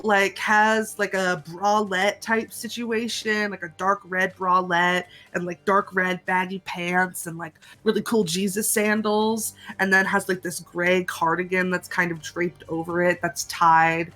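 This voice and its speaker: Slow, rambling woman player. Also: lowish voice, level tone, fairly bright tone, faint music behind. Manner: slow, rambling, many fillers. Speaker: tabletop player.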